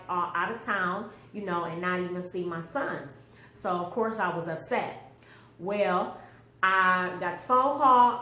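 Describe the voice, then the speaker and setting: A woman's voice: mid-range voice, sharp tone. A middle-aged mother giving an earnest, emotional personal testimony, often quoting the voices she heard. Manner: emotional, earnest storytelling with quoted inner voices. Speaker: mother telling a personal story. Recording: roomy echo with faint background hum.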